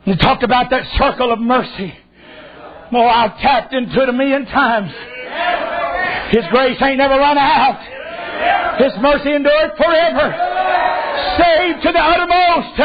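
A middle-aged man preaching a shouted revival sermon, fervent and rhythmic, repeating phrases. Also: very high-pitched, moderate pace, pauses often, crowd noise, noisy background. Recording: lo-fi church recording with congregation. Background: responding congregation.

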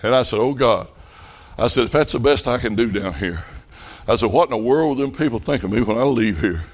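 A middle-aged man preaching a revival sermon, telling folksy stories in a plain country way and rising to loud shouted passages. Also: mid-range voice, lively intonation, a little fast.

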